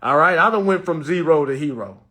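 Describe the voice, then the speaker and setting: A man talking casually to his live-stream viewers, animated and preachy, full of slang, swinging between loud and soft. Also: fairly high pitch, brisk. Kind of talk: casual motivational talk to viewers.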